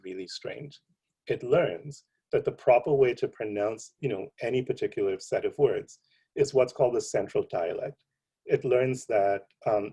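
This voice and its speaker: Husky, dark-voiced man giving a casual lecture. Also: fairly low pitch, low-quality recording. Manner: relaxed and conversational, many ums and you-knows. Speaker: computer science professor. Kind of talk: lecture in a research seminar.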